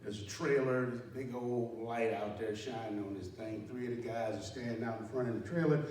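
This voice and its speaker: A man's voice: medium pitch, steady tone, brisk. A man, a former army sergeant, telling a personal story live in a casual, self-deprecating way. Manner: conversational, self-deprecating, acts out panicked dialogue with sharp rises. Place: indoor room at a community center. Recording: very echoey room, mic far off, faint noise.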